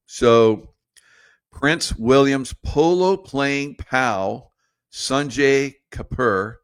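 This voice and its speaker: A man's voice: mid-range voice, no echo, studio quality. A middle-aged man telling a casual, rambling story with a conspiratorial edge and frequent laughs. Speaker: podcast host.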